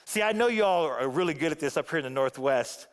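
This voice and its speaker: A man with a notably high voice delivers an animated sermon, rising to emphatic peaks and dropping to hushed asides. His words ring out with a long reverb trailing through the sanctuary. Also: fairly quick. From Phoenix area. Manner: animated preaching with wide swings between emphatic and hushed. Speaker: pastor.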